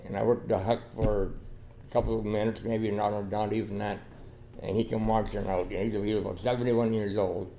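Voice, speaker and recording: An older man who trials dogs is a guest on a podcast, telling a long, rambling story in a folksy, casual interview. He restarts often and keeps saying "you know." His lowish, mellow voice is level in tone and brisk, with a little hiss or hum on the recording.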